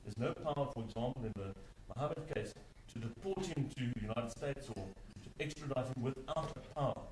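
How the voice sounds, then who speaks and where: A man's voice: mid-range voice, expressive, fairly quick, a little mellow. A man arguing a legal case before a court, emphatic, stressing and repeating key words. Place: large courtroom. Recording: echoey courtroom, distant mic, faint hum.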